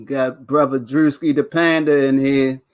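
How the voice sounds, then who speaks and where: A man's voice: medium pitch, flat delivery, a little slow. A man hosting a casual chat show, boastful and playful, laughing often and repeating his catchphrases. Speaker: show host.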